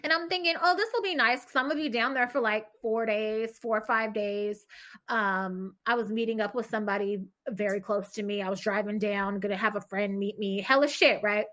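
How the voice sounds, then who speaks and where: A woman's voice: medium pitch, fairly quick, fairly bright tone. A woman, podcast co-host, tells a personal story in casual chat, candid and profane.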